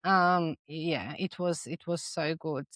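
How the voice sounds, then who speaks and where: A woman's voice: low-pitched, takes it slowly, a bit bright, no room sound. A middle-aged woman speaking as a podcast guest, explaining her ideas in a persuasive, emphatic way. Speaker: guest, dental practice management consultant. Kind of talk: conversational interview.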